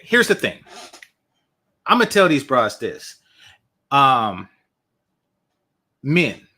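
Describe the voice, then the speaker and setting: A man's voice: medium pitch, pushed and bright. A man giving reaction commentary online, blunt and mocking, hammering his points home by repeating them. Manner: blunt, mocking, emphatic repetition.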